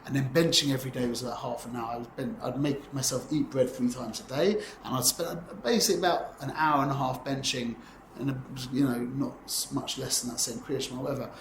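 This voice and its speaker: A man's voice: medium pitch, fairly even intonation, fairly quick, noisy background. Man in his forties teaching, roomy echo. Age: 40s. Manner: rambling, conversational, peppered with "yeah?" checks. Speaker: Torah teacher. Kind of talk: informal class lecture.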